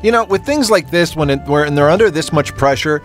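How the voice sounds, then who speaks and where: A man's voice: on the high side, expressive, fairly quick, faint music behind. A man co-hosting a comedy podcast, chatting casually and rambling with lots of stammered restarts. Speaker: podcast co-host.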